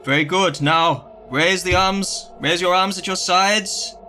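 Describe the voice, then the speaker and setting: A high, bright-toned man speaks slowly as he leads a ritual in an in-character tabletop game, calling out words for the others to repeat. He often laughs between lines. Faint music plays underneath. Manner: chanting commands, breaking into laughter. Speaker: player leading a ritual in character. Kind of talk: in-character tabletop role-play.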